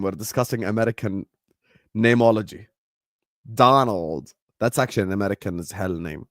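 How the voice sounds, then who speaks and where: Animated joking man streaming to chat. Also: mid-range voice, no echo, studio quality. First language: Arabic. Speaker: football watchalong streamer. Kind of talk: casual live-stream chat.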